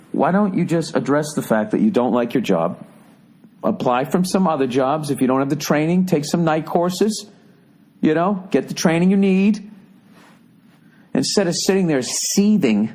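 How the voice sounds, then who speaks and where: A middle-aged man with a Boston accent and a slightly high, darkish voice hosts a comedic podcast monologue. He rants profanely and in disbelief, mock-singing the things he quotes.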